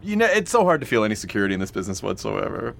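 A man's voice: on the low side, big pitch swings, rapid-fire, gravelly, fairly bright tone. A man hosting a casual interview, asking rambling, hesitant questions full of fillers. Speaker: podcast host.

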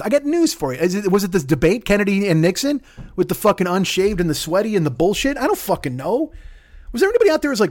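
A man's voice: high-pitched, big pitch swings, fast, a little mellow. A man ranting profanely as a comedy podcast host, riffing into mocking asides.

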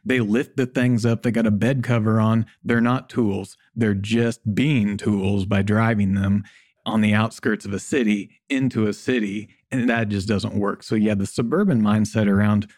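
A man's voice: lowish voice, fairly even intonation, normal speed, darkish tone, no echo, clean studio sound. A married man chatting casually in a blunt, joking way, swearing now and then. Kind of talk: casual conversation.

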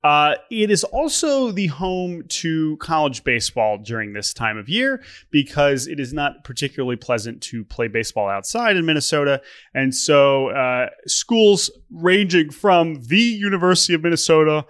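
A young man co-hosting a podcast, telling stories in a casual, animated way and laughing often. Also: a little high, normal speed, clear, resonant tone. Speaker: podcast co-host. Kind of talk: casual chat.

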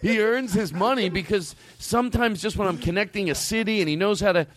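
A man hosting a comedy podcast, talking in a brash, profane, animated way. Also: high-pitched, fairly quick. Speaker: podcast host. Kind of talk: casual comedy chat.

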